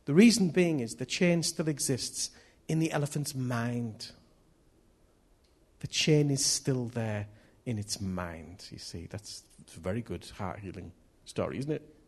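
A man's voice: medium pitch, unhurried, a little mellow, slightly rough. A man preaching a sermon in a chatty, jokey way, laughing at himself as he tells stories.

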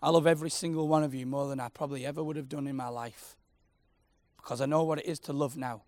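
A man preaching, passionate and personal, swinging from loud declarations to soft, intimate prayer. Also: fairly high pitch, fairly even intonation, fast, no room sound. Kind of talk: sermon.

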